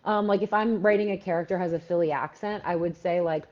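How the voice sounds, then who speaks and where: A woman's voice: on the low side, flat delivery, brisk, hardly any pauses. A woman from Philadelphia coaching writers in a live stream Q&A, chatty and full of fillers as she answers viewers. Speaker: writing coach. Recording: dull lo-fi livestream audio.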